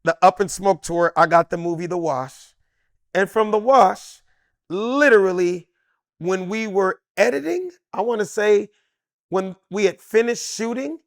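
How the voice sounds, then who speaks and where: A man in his fifties from Los Angeles spins stories as a comedian guest, slangy and emphatic, slipping into the voices of the people he quotes. His voice sits a bit high for a man. The sound is dry and close, with no room around it. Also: clean tone, no room sound. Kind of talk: animated storytelling in a sit-down interview.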